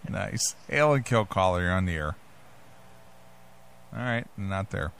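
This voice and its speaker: A man's voice: lowish voice, normal speed, creaky, long pauses, fairly bright tone, smooth, no echo. A man hosting a radio show, laid-back, amused and crude. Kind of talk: casual radio talk.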